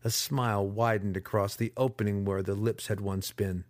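A man narrating a fantasy audiobook in an expressive, dramatic storytelling style on a close mic. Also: on the low side, moderate pace, dry recording.

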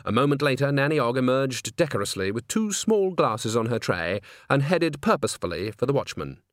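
A man reading an audiobook in measured, wry scripted narration on a close microphone. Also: medium pitch, sing-song, no echo.

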